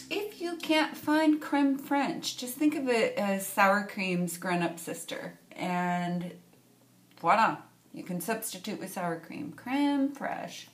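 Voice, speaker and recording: Chatty woman in an echoey kitchen. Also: medium pitch. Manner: chatty and playful, tossing in French words. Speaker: cookbook author and vlogger. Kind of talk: casual cooking vlog. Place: home kitchen.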